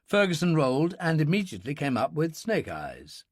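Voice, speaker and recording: A man narrating a thriller audiobook in a brisk, expressive storytelling manner. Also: fairly high pitch, no echo, studio quality.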